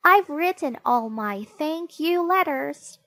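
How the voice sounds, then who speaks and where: A prim, smug little boy from a storybook, played by a woman, sweet and self-satisfied. His voice is very high and sing-song. It is recorded dry and close. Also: animated, takes it slowly, fairly bright tone, dry recording, full character voice.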